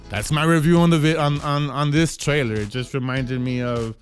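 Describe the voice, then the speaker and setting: A man giving a casual spoken movie trailer review, halting often with restarts and repeated words. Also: fairly high pitch, steady tone, faint music behind.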